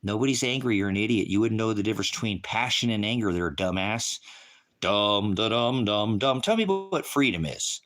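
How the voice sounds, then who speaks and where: A man's voice: fairly low pitch, fairly quick, a bit bright. A man preaching on a livestream, answering the chat in a confrontational, insulting way, swearing and repeating himself as he rambles. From United States. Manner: repetitive and rambling. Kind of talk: combative livestream rant.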